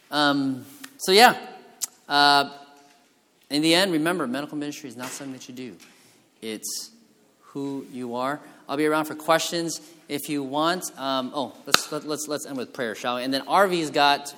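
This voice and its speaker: Doctor guy telling a story at a conference, ums and restarts, mid-pitched, hall echo. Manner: animated storyteller with fillers and restarts. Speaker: physician giving a conference talk. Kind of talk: storytelling presentation. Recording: hall reverb from a lecture room.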